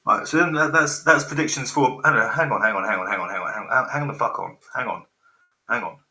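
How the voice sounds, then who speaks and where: A man's voice: mid-range voice, fast, pushed and bright. A man in his forties hosting a rambling live stream, swearing freely and getting sidetracked by technical trouble. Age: 40s. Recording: roomy echo.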